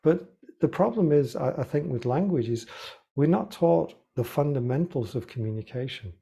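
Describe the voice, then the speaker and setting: A man's voice: medium pitch, expressive, normal speed, gravelly, dark tone, slightly rough. A man, a life coach and author, explaining ideas earnestly in an interview with lots of examples. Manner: earnest, example-driven, repeats words while thinking.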